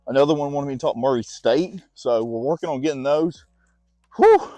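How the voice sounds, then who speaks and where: A man's voice: medium pitch, brisk, mellow, dry recording. Winded man chatting sports on a walk. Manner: chatty, talks to his dog between points. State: winded from walking. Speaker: sports vlogger. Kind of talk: casual sports chat while walking. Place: outdoors on a walk.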